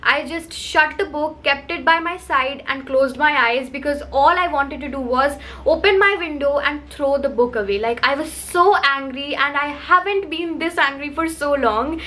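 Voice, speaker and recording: A woman's voice: high voice, moderate pace, hardly any pauses, bright, forceful tone, slight background noise. A woman reviewing a book to camera, talking in a heated, emphatic rant full of repetition.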